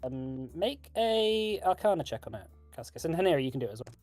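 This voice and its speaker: A man running a tabletop game as game master, narrating at an easy pace with many pauses and fillers. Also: on the high side, soft background music. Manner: relaxed, hesitant, many fillers.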